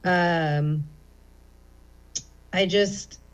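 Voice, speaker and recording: A woman's voice: fairly low pitch, steady tone, drawn-out words, rough recording. A middle-aged woman comedian speaking as an interview guest at a comedy theater, candid and rambling with many fillers. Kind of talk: casual interview chat.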